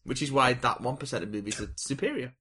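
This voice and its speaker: Husky, deadpan man. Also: mid-range voice, fast. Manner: dry, deadpan jokes. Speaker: podcast co-host. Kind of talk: casual film chat.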